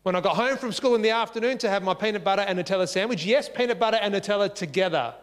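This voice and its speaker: Australian man, high voice, lively personal storytelling, acts out the dialogue, long echoing reverb. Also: racing. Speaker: speaker sharing a life story. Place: at home, at a dining table.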